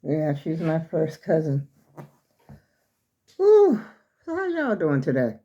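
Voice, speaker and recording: An older woman talks in a loose, rambling way, calling her viewers y'all. Her voice is mellow and a little short of breath. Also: low-pitched, wildly swooping pitch, normal speed, highs cut off. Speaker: vlogger showing her clothes. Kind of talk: casual chat to viewers.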